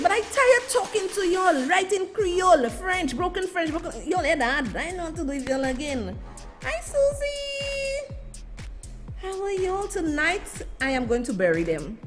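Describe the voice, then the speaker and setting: A woman hosting a live stream, chatting and effusively greeting her viewers by name. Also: sits high. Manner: animated, effusive, sing-song shout-outs. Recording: faint music behind.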